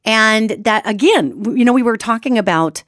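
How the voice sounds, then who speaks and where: A woman host telling an animated story in a casual, expressive way, acting out quotes. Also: on the high side, moderate pace, no room sound, clean studio sound. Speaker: radio show host.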